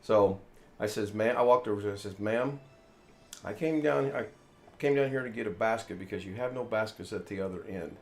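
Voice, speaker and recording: Speaking a little fast in a voice on the low side, a show host from the United States tells a long, rambling tale on a casual live chat. He performs the lines of the people he's describing.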